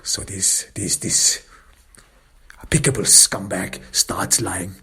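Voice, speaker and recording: A man telling a dark first-person crime story in an intense, often whispered way, with many restarts. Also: sits low, takes it slowly, vocal fry, pauses often, slightly rough.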